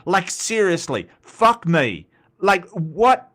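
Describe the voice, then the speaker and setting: A man's voice: high voice, sing-song, takes it slowly, fairly bright tone. An Australian man hosting a casual commentary show, rambling and blunt, swearing freely and answering his chat. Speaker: commentary host.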